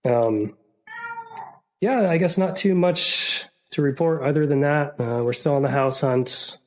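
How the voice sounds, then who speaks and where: A man's voice: fairly high pitch, measured pace. Rambling laid-back male podcast host. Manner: rambling, laughs often, many fillers. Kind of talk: casual chat.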